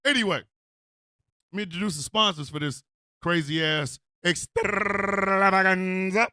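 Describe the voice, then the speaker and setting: Casting: high, bright, animated man hosting a comedy radio rant, dry sound. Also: normal speed, no room sound. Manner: excitable, swearing, shouts often. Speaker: radio show host.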